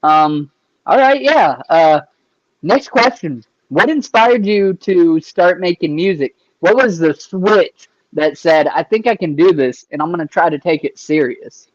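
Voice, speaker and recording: A man hosting a casual interview, talking loosely with easy profanity and shout-outs to viewers. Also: fairly high pitch, lively intonation, measured pace, dry recording, lo-fi sound. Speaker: podcast interviewer.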